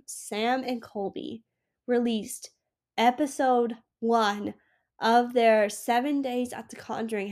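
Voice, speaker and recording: A sick young woman hosting her own podcast, gushing and emotional in a rambling casual chat. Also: a little high. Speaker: podcast host.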